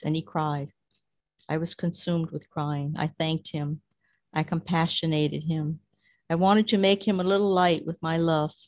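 A woman's voice: low-pitched, darkish tone, no echo. A woman reading a devotional text aloud and reflecting on it for listeners. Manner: reads aloud, then explains to listeners. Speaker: devotional reader.

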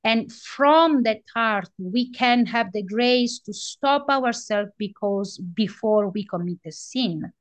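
A woman in a prayer group, haltingly reading a devotional prayer and reflecting on it over a video call. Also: a little high. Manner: halting, searching for words.

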